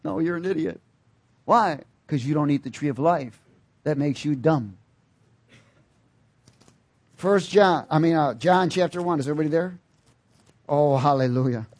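A man's voice: a little high, normal speed, long pauses, a little mellow. A man preaching a sermon, reading scripture emphatically and calling out questions for the congregation to answer. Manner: emphatic, with call-and-response.

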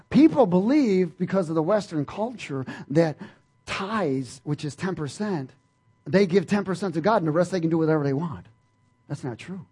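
A male pastor preaching with a high, husky voice. He is emphatic and playful, and he keeps calling out to the congregation to answer him back. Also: warm tone. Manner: emphatic, call-and-response preaching; folksy and playful. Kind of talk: sermon.

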